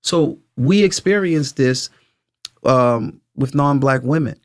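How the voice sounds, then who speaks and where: A man's voice: mid-range voice, takes it slowly. A man, co-hosting a casual podcast chat, blunt and profane, acting out little dialogues as he talks. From Brooklyn, New York. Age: 40s. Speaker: podcast co-host.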